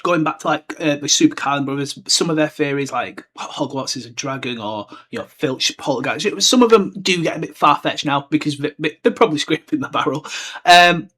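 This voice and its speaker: A young man hosting a casual podcast, rambling through a book chapter and slipping into quick character voices. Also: a little high, a bit bright. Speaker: podcast host.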